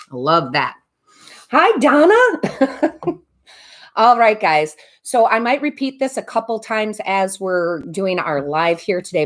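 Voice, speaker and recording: A middle-aged woman hosts a casual live stream. She greets viewers one by one in a bubbly, chatty way, her voice sitting a little low for a woman. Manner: warm, bubbly greetings of viewers by name, frequent laughs. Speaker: tarot reader and medium hosting a live stream.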